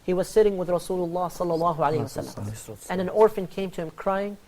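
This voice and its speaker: Hosting a religious panel discussion, a man talks fast to his guests, his voice pitched high against slight background noise. He spins stories with lively energy, acting out each quoted character in a distinct voice.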